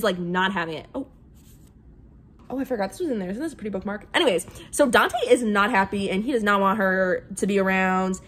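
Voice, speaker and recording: Gushing woman reviewing romance books. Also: a little high. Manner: gushing, excitable, heavy use of "like". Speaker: book reviewer. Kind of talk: casual book review vlog.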